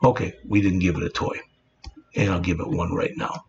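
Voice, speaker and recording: A man's voice: low voice, steady tone, moderate pace. A man teaching programming in a screen-recorded coding tutorial, explaining plainly and often saying "all right". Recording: dull lo-fi sound with faint background noise.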